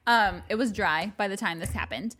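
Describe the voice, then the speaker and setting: A woman's voice: medium pitch, moderate pace, fairly bright tone. A woman co-hosting a podcast, chatting casually, laughing often and swearing freely as she tells a story. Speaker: podcast co-host. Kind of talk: casual chat.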